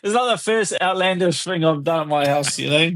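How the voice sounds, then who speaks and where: A brash man in his thirties tells rowdy stories on a podcast, swearing freely and laughing at his own jokes. His voice sits fairly high. The sound is dry and close. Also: a little fast, dry recording. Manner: crude, animated storytelling with lots of swearing and laughs. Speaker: guest fighter. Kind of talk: casual podcast interview.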